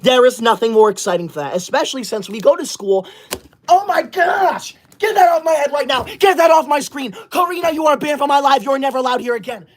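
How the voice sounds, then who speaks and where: A performer playing a self-righteous young livestreamer who loves school, scolding the chat with indignant, sudden shouted outbursts into a close mic. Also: mid-range voice, lively intonation, fast talker, few pauses, a little hiss or hum, natural voice. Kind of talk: comedy sketch livestream.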